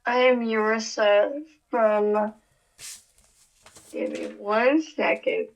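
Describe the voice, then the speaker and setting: A woman playing a tabletop role-playing game, speaking unhurriedly and pausing to check her notes. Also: a little high, poor audio. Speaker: player. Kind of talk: casual tabletop game play.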